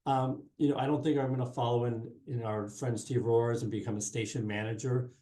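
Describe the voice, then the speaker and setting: A man's voice: medium pitch, steady tone, brisk, mellow. A middle-aged man chatting as an interview guest, rambling with many fillers and restarts. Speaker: guest, sports marketing specialist and former TV reporter. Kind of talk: casual interview chat. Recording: roomy echo.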